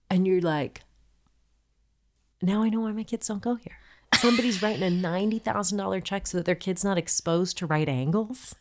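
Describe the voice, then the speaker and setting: A woman's voice: mid-range voice, brisk. A woman in her thirties co-hosting a podcast, telling a story in casual chat, swearing freely and acting out the people she quotes. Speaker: podcast co-host.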